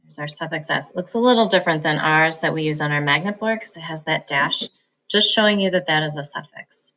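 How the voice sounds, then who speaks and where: A woman's voice: low-pitched, fairly quick, bright, forceful tone, poor audio. A woman teaching a phonics lesson, patiently sounding out words syllable by syllable. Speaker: reading teacher.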